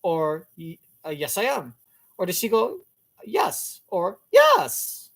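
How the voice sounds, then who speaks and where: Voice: mid-range voice, very animated, unhurried, gravelly. A commentator reacting to a TV clip in rambling comic commentary, crude and overthinking, acting out imagined lines.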